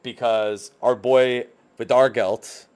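A man's voice: mid-range voice, fairly even intonation, slow, a little mellow, clean tone. A man in casual podcast chat, animatedly retelling a game's story and swearing freely. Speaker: podcast co-host. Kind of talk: casual chat recapping a video game story.

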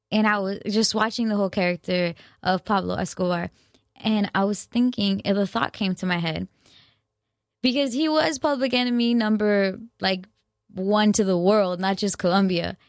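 With clean, studio-quality audio and no room sound, a young woman vlogs in a mid-range voice, chatting loosely to her viewers. She rambles, is self-deprecating, and her speech is full of slang and restarts.

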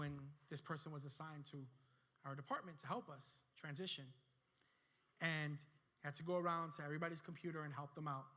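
A man preaching a sermon in a bright, forceful voice that sits a little high. He tells a story from his working life, then presses harder as he draws his point to a close. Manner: storytelling, building intensity toward the close. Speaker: pastor.

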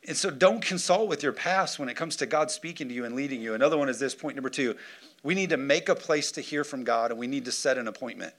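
A man pastor preaching a sermon in a church, lively and joking, calling on the congregation for amens. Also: mid-range voice, quick pace. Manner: lively preaching with jokes and call-and-response. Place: church sanctuary.

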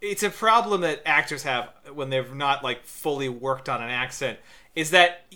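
A man co-hosting a podcast, talking in a loose, animated, ranting way with bursts of laughter. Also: mid-range voice, moderate pace. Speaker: podcast co-host. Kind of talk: casual podcast chat.

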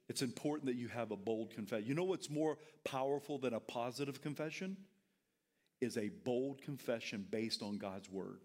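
A man preaching a sermon in church, leading the congregation in call and response and building up to shouted lines. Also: on the high side. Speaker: pastor.

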